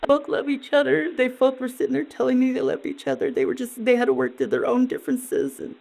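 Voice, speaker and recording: A distraught, dazed woman answering questions in a police interview, halting and rambling and repeating herself. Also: high-pitched, vocal fry, a little mellow, low-quality recording.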